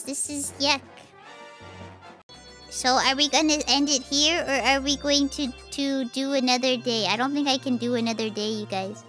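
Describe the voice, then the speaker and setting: A woman streaming games live, talking excitably with frequent giggles and dramatic outbursts. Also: sits high. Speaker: game streamer. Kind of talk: live gameplay commentary.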